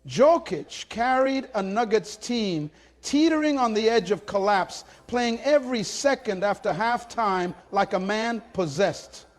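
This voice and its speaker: A man's voice: high voice, animated, measured pace, faint music behind. A man giving dramatic, indignant scripted narration for a sports channel, with punchy lines.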